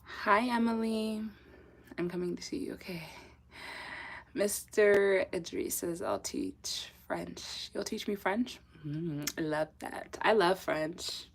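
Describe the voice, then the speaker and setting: A woman's voice: on the low side, animated, takes it slowly, breathy edge. A young woman from southern Africa hosting a casual live stream, chatty and laughing often, reading out viewers' messages. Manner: chatty, laughs often, sprinkles in French phrases. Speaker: livestream host reading chat.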